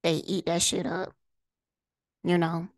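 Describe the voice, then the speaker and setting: A woman's voice: fairly low pitch, little pitch movement, takes it slowly, no echo. Blunt, profane woman ranting heatedly. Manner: rhetorical questions, repeats lines for emphasis. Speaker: vlogger. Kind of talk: impassioned direct-to-camera monologue.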